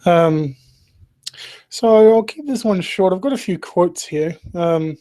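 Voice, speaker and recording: A man hosting a podcast, talking through a reflective monologue in an earnest, halting way, with frequent restarts and soft laughs. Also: high voice, expressive. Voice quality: emotional, earnest. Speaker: podcast host.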